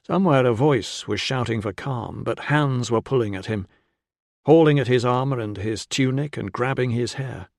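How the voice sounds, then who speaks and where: Steady male audiobook narrator, dry sound. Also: medium pitch, normal speed, vocal fry, dry recording. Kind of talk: scripted narration.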